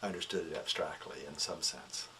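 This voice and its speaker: A man telling a personal story, shifting between animated, laughing recollection and a soft, hushed, reflective tone. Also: low-pitched, brisk, a little hiss or hum. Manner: animated, laughing, acts out voices when excited. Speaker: devotee recounting a story.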